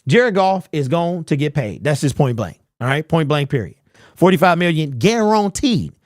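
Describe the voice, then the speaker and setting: A man's voice: on the high side, animated, moderate pace, no room sound, studio quality. A young man hosting a live sports talk stream, ranting bluntly, reading chat messages aloud and firing off rhetorical questions. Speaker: host.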